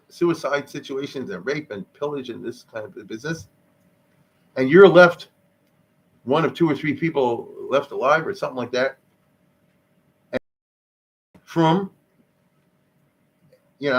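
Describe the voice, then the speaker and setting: A man's voice: mid-range voice, breathy edge, poor audio. An older man, a rabbi, teaching Jewish history in a conversational, emphatic lecture style, dropping in Hebrew and Yiddish terms.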